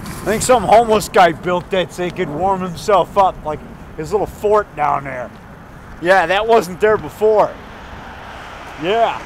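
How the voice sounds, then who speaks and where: A man's voice: high-pitched, measured pace, background noise. A man giving a chatty, enthusiastic walking tour of an outdoor forest preserve by a river, repeating himself and chuckling. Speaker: indie horror filmmaker giving a tour. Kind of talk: rambling walking tour vlog.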